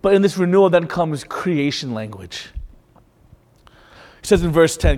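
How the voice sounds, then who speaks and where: A man preaching a sermon in a conversational, animated way, often restarting his sentences. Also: fairly high pitch, a little slow, big-room sound. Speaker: pastor.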